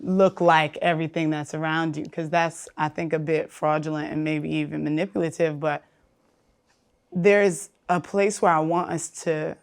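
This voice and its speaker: Deep-voiced woman, slow and thoughtful, kinda reflective. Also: fairly even intonation. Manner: thoughtful, measured. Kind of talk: reflective panel conversation.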